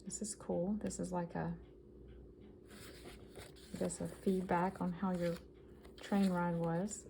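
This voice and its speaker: A woman's voice: fairly low pitch, little pitch movement, slow pace, gravelly, dark tone, a little hiss or hum, rough recording. A woman chatting casually as she shows off vintage yard-sale finds, reading items aloud with enthusiasm. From American South. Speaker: vintage collector vlogger. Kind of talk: casual show-and-tell haul.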